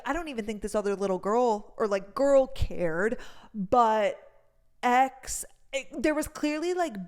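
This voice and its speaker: A young woman hosting a podcast and telling a long story in casual chat, full of fillers and swearing. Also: medium pitch. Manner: chatty, fills with "like", swears freely. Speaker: podcast host.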